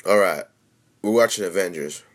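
A young man chatting casually while streaming, excitable and swearing constantly, swinging from mumbling to shouting. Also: sits low, moderate pace. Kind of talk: casual profane livestream chatter.

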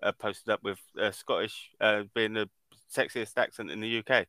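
A man on a casual podcast, bemused and lively as he chats. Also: lowish voice, moderate pace, no echo. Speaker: podcast co-host.

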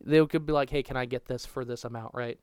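A man's voice: mid-range voice, steady tone, fast, a little mellow, clear, resonant tone, no room sound. A young man telling a crude, rambling story on a casual podcast, swearing constantly and restarting his sentences. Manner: profane, rambling, restarts a lot.

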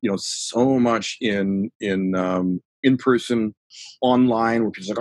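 A man's voice: on the low side, measured pace, no room sound. A man who teaches martial arts, chatting casually and telling stories, acting out the other people with voices. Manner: animated storytelling, acts out dialogue with voices. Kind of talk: casual chat.

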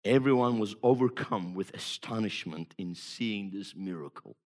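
A man preaching a sermon as an evangelist, emphatic, moving between hushed storytelling and loud exhortation. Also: fairly low pitch, normal speed.

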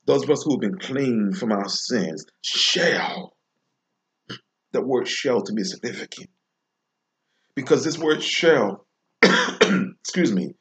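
A man delivering an informal devotional sermon, slow and emphatic, repeating phrases with long pauses. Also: fairly low pitch. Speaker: preacher.

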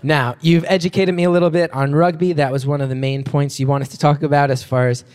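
A man's voice: a little high, flat delivery, quick pace, darkish tone, clear, resonant tone, big-room sound. An American man hosting a live phone-in show, playful and rambling, joking at his own expense. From United States. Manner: playful, rambling, self-mocking. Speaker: host.

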